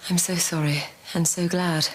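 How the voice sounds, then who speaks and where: An actress playing a poised young aristocratic lady in a period drama, dry and crisp. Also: fairly low pitch, flat delivery, moderate pace, a little hiss or hum, close to an everyday voice. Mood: cool.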